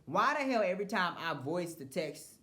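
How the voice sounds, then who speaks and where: A podcast host venting in a casual, rambling rant full of restarts and profanity. The voice drops to low mutters and then flares into loud, heated outbursts. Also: sing-song, moderate pace.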